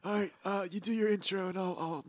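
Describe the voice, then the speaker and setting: A man's voice: sits high, steady tone, fast talker, no echo, clean studio sound. A man playing in a casual tabletop game, eager and joking, often cutting in. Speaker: player.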